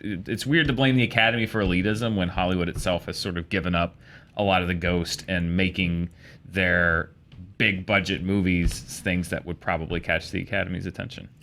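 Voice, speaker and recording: A man's voice: low-pitched, steady tone, brisk, fairly bright tone. A man co-hosting a casual entertainment panel chat, opinionated and chatty, often restarting his sentences. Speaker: panel co-host.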